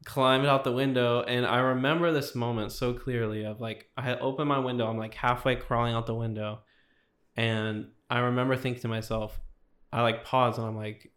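Young male guest, flat delivery, rambling testimony, heavy "like" fillers. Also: medium pitch, moderate pace. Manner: rambling, fills with 'like' constantly. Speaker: podcast guest. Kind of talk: casual testimony storytelling.

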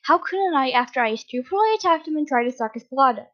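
A woman's voice: high voice, animated, a little fast. A woman reading a story, voicing a blunt, sarcastic young male vampire. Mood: defensive. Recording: dull lo-fi recording.

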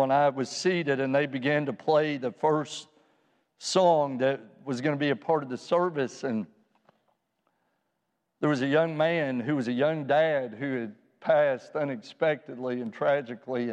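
A man's voice: a little high, darkish tone, dull audio. A middle-aged man preaching a sermon as pastor, earnest and pastoral, at times rising to fervent emphasis. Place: church sanctuary. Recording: long reverb in a church hall.

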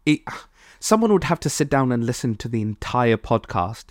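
A podcast co-host from Malawi chatting casually, rambling and quick to laugh. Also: medium pitch, very animated, dry recording, studio quality. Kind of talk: casual chat.

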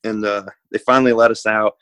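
A man from the United States tells a long travel story in a loose, rambling way, with lots of filler words. His voice sits a bit low. The sound is dry and close, with no room echo. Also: little pitch movement, fast, a bit bright, clean tone. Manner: rambling, laid-back, lots of "like". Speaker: guest. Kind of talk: casual storytelling.

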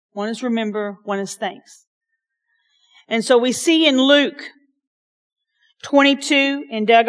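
A woman pastor, preaching a sermon, passionate and emphatic with soft asides. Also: on the high side.

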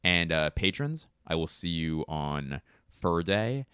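A man with a low, smooth voice hosts a casual solo podcast, rambling loosely and swearing freely as he goes. He restarts his sentences often and leans on fillers. The recording is dry and close. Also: very animated, slow, a bit bright, dry recording. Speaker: podcast host.

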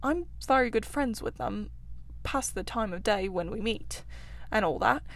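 A woman's voice: mid-range voice, expressive, a little slow. A woman voicing a self-assured male water rat who loves his river, talking in a confident, chatty and somewhat guarded way. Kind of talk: storybook reading.

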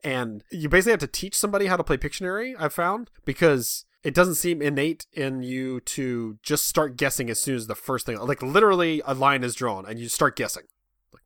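Chatty guy, bright voice, dry close sound, rambles and laughs a lot. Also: medium pitch, fairly quick, no echo. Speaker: podcast co-host. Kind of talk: casual chat.

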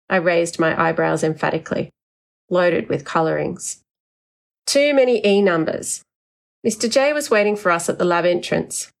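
A woman narrating a first-person audiobook story in a wry, expressive way. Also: on the low side.

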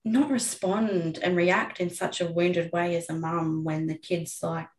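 A woman's voice: lowish voice, fairly even intonation, unhurried. A woman in her thirties, a mother and coach, talking frankly and reflectively as a podcast guest, swearing casually. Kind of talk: candid podcast conversation. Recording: roomy echo.

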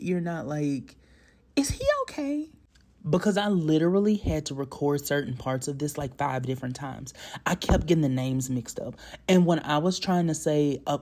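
A man's voice: on the high side, darkish tone. A man giving a casual, chatty movie recap, laughing often and poking fun at himself. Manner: chatty, laughing, self-mocking, slangy. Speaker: movie reviewer.

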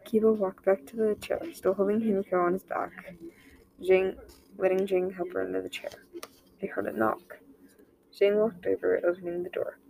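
A woman reading an original short story aloud, voicing the dialogue herself and dropping to a near-whisper in quiet moments. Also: mid-range voice, flat delivery, moderate pace, vocal fry, poor audio. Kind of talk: amateur story narration with dialogue.

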